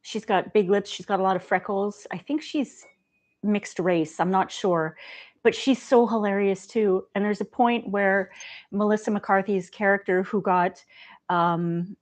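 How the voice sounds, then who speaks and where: A woman hosting a casual livestream, talking in a gentle, chatty way and laughing often. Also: medium pitch, fairly even intonation, a little slow. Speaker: livestream host.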